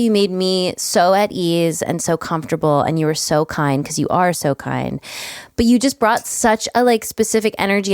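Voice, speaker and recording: A woman's voice: lowish voice, clear, resonant tone, no echo. A woman co-hosting a podcast, chatting casually and gushing, full of "like" fillers. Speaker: podcast co-host. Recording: dry close mic.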